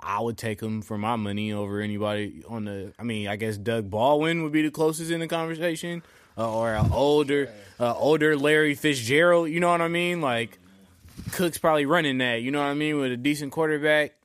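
A man's voice: mid-range voice, a little fast, fairly bright tone, clear, resonant tone, no echo. A man hosting a casual sports podcast, slangy and profane, who keeps checking in with "you feel me" and "you know what I'm saying.". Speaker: podcast host.

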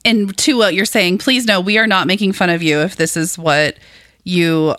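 A woman's voice: on the low side, moderate pace, no room sound, clean studio sound. Laughing woman co-host telling stories. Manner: laughs often, lively storytelling. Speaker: podcast co-host. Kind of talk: casual chat.

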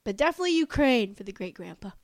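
A woman's voice: on the high side, very animated, rapid-fire, no echo, clean studio sound. A woman co-hosting a podcast, bubbly and playful, with a giggly manner. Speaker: podcast co-host. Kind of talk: casual podcast chat.

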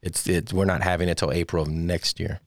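A man, a stand-up comedian, chatting casually in an interview and telling lively stories, acting out the people he quotes. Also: low voice, a little fast, no echo, studio quality. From Texas. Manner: animated storyteller acting out quotes.

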